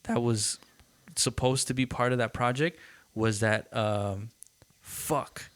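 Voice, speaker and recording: A man's voice: mid-range voice, takes it slowly, dry recording. A man hosting a podcast in casual chat, telling stories animatedly and acting out quotes, with frequent swearing. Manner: animated storytelling, acts out quotes, swears freely. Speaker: podcast host.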